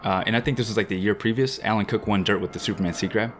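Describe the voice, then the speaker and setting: Fast-talking low-voiced man telling stories. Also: soft background music. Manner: animated, slangy anecdote-telling. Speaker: guest BMX rider. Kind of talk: casual storytelling.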